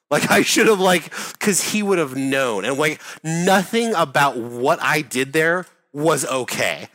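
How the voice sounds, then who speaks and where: A man's voice: a little high, expressive, measured pace, few pauses, a bit bright. A man telling a rambling story in casual chat, full of fillers, restarts and swearing.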